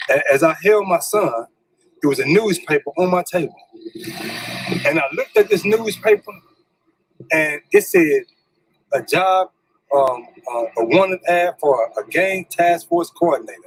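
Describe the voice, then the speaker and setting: Husky-voiced man telling his own story. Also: a little high, animated, measured pace, long pauses, no room sound, poor audio. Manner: candid, repeats words when stirred, informal slang. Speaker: storyteller sharing a personal story. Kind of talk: spoken personal storytelling.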